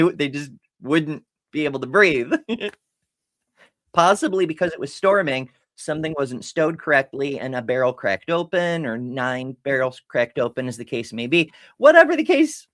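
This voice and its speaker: A woman's voice: low voice, no echo, studio quality. A woman hosting a casual live stream, telling a story in a rambling way, often breaking off mid-sentence and laughing.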